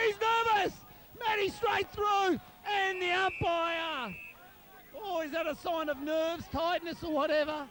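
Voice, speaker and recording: A man with a very high voice gives rapid play-by-play of a local footy match, naming players as the ball moves. He calls from outdoors at a suburban ground, captured on amateur video with traffic noise behind. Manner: quick play-by-play, rising excitement. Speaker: club commentator. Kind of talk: amateur football commentary.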